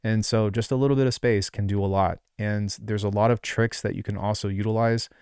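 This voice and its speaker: Low-ish guy rambling thru a synth tutorial, lots of um and like, dry close mic. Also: steady tone, fairly quick, darkish tone, clear, resonant tone, no echo. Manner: rambling, offhand, lots of fillers and asides. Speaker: music production tutor. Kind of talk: casual screen-recorded tutorial.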